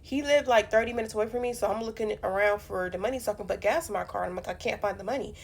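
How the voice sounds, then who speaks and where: A young woman telling a funny personal story in a casual storytime vlog, animated and profane, with punchy delivery. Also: mid-range voice, very fast, vocal fry, breathy edge. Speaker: storyteller vlogger.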